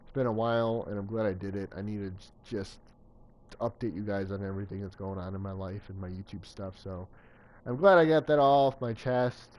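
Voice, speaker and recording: A young man streaming a video game, chatting casually and bursting into loud cheers, a little out of breath. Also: fairly low pitch, normal speed, muffled recording. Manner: excitable, swings from calm to loud cheering. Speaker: gaming live streamer. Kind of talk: casual live stream commentary.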